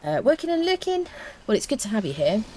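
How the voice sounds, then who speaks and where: Fast, mellow, and very animated, her voice sits on the high side. She's streaming a video game, keeping up casual chat with her viewers and humming little tunes as she plays.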